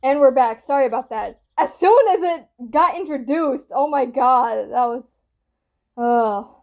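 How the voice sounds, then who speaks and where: A woman hosting a reaction video, talking casually with excited gushing outbursts and rambling, apologetic asides. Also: sits high, measured pace, gravelly, highs cut off.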